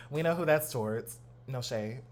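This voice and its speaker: A young man hosting his own channel, chatting in a casual, animated way with lots of slang and asides, at home on a new studio mic. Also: medium pitch, unhurried. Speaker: host. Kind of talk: casual reaction commentary.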